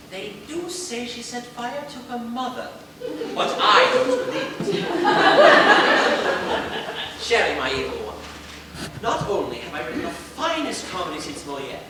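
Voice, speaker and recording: A man playing a vain, flamboyant playwright. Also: high-pitched. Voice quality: grandiose and theatrical. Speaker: stage actor. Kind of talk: live stage play. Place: theater stage. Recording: distant, echoey and noisy theater recording.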